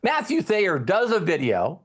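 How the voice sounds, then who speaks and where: A man's voice: sits high, a little slow, slightly rough. A middle-aged man giving a motivational seminar talk on network marketing, emphatic, acting out quoted conversations, and often turning to the audience with questions. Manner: animated, emphatic, acts out quoted dialogue; addresses the audience directly with repeated questions.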